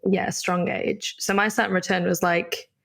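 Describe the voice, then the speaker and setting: A woman in her early thirties with a gravelly edge to her voice. She speaks as a guest in a relaxed podcast interview. Her storytelling is chatty and comes in quick bursts. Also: lowish voice. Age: 30s. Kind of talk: casual interview chat.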